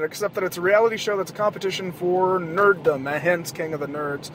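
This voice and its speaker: A podcast host talking in a rambling, profane monologue while driving at night, with loud outbursts now and then. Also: male voice, high voice, steady tone, fairly quick, background noise. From American South. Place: car at night.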